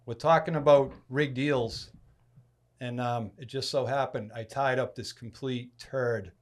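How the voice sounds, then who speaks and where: A man's voice: mid-range voice, unhurried. A middle-aged man from Massachusetts telling a casual story as a podcast guest, acting out the people he quotes. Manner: animated storyteller who acts out quoted people.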